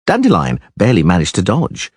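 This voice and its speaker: A man reading a fantasy audiobook aloud in an expressive storytelling manner, close to the mic. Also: sits low, a little fast, slightly rough, no room sound. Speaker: audiobook reader.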